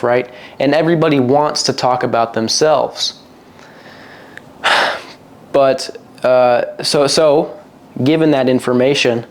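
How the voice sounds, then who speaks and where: Young male vlogger, mid-pitched voice, profane, jokey, wanders off topic. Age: young adult. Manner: crude, joking, rambling, mimics others in a high voice. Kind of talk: casual monologue to camera. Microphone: single mic, a cappella opener.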